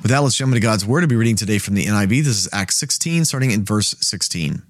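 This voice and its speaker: A man's voice: on the low side, lively intonation, quick pace, dry recording, studio quality. A man hosting a Bible study, explaining scripture in a casual, conversational way and thinking aloud as he goes.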